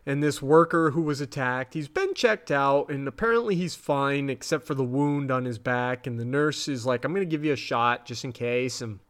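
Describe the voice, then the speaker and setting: A man co-hosting a podcast, casually recapping a TV episode in an animated way and jumping up high when he is grossed out. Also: moderate pace, hardly any pauses. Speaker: podcast co-host.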